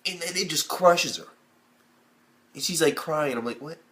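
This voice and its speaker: Profane, animated young man reviewing anime. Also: moderate pace. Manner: animated, heavy swearing, acts out characters in high squeaky bursts. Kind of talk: casual profane video review.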